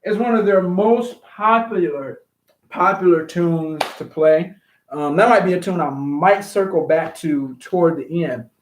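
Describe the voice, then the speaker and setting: A fairly high-voiced man hosts a relaxed live-streamed chat from home. He rambles easily, full of ums, in an echoey room. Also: a little slow, slight background noise. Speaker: livestream host. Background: music.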